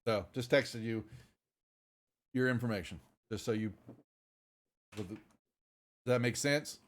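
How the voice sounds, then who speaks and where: With a medium-pitched voice and a slow pace, a man acts as game master for a tabletop game on a live stream. He rambles along, restarting often and greeting viewers.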